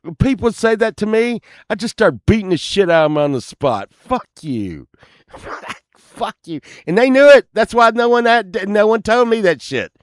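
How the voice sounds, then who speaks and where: A man's voice: sits high, sing-song, normal speed, no room sound, studio quality. A man telling a story casually, rambling and cursing often, laughing at himself as he goes.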